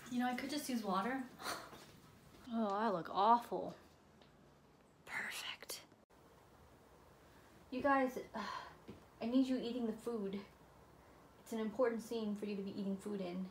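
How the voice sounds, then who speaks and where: A woman's voice: fairly high pitch, moderate pace, long pauses, echoey room, slight background noise. A young woman directing and acting in a film in a small apartment, chatting casually between takes and laughing at herself, recorded on a phone camera. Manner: giggly, self-deprecating asides. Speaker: actress and director. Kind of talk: casual behind-the-scenes chat.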